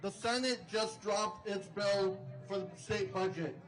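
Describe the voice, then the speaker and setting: A man's voice: high voice, a little slow, few pauses, crowd noise, rough recording. Rousing man at a rally. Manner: rousing, leads chants. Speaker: union organizer introducing speakers. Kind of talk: rally speech. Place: outdoor rally.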